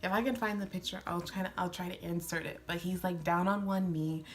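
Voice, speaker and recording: A woman in her twenties chatting excitedly while doing a makeup tutorial, gushing and giggling as she tells a story. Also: on the low side, fairly quick. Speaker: beauty vlogger.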